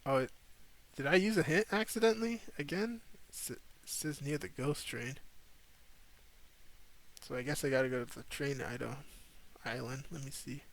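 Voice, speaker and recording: With frequent pauses and a normal speaking speed, a young man with a mid-range voice hosts a casual live stream. He plays a game while rambling and chatting loosely, sounding laid-back and slangy.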